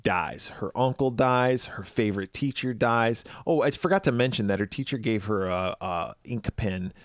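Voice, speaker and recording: A man co-hosting a podcast, retelling a movie plot in casual chat, swearing freely and dropping quick voiced asides. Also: lowish voice, no echo, clean studio sound. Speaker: podcast co-host.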